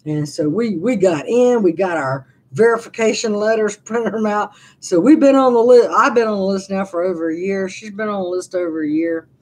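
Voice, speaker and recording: A woman vlogger in her sixties talks casually during a live stream from her living room, her mid-range voice a little mellow, at normal speed with few pauses. She tells rambling stories and restarts them often.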